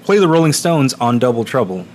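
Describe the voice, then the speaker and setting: A man's voice: medium pitch, big pitch swings, a little fast, darkish tone, a little hiss or hum. A man co-hosting a podcast, talking casually in a small studio, rambling and laughing often with lots of fillers. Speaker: podcast co-host. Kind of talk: casual chat.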